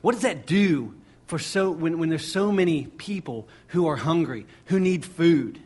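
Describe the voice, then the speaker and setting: Male preacher, husky and a touch high-pitched, delivers a sermon with driving repetition. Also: a little slow, darkish tone.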